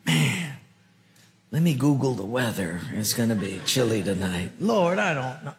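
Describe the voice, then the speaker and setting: A man preaching voices a young male shepherd who protests, pleads and gives in, his voice climbing high when he complains. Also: very animated, measured pace. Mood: protesting. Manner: whiny, protesting, rising to high exasperation.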